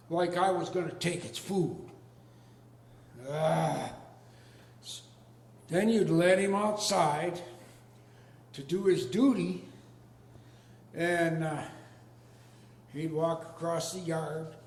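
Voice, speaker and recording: Older guy spinning a folksy deadpan yarn, slow, kinda high voice, echoey hall. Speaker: storyteller. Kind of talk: live comic storytelling. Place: arts venue stage with a live audience. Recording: echoey hall with long reverb.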